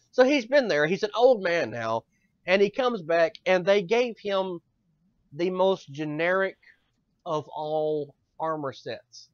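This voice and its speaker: A fairly high-voiced man holds forth on a casual podcast, swearing freely and tripping over restarts as he rants. The sound is dry and close, and the recording is dull and a bit lo-fi. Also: no echo. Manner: animated, profane ranting with frequent restarts. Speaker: podcast host.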